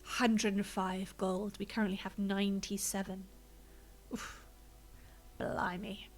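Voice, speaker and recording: A woman with a mid-range, fairly monotone voice takes her time as she streams a game. Her talk is casual and chatty, narrating her own moves and thinking out loud, with slight breathlessness and a stuffy nose.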